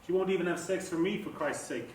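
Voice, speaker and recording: A man's voice: high-pitched, fast, darkish tone, slight background noise, close to an everyday voice. An actor playing a man drinking in a bar, offhand and joking. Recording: echoey room, mic at a distance.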